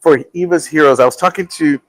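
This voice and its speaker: A man's voice: a little high, fast, a crowd in the background. A middle-aged man hosting a live show, chatting casually and joking, often repeating his words. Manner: jokey, animated, repeats words. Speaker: host.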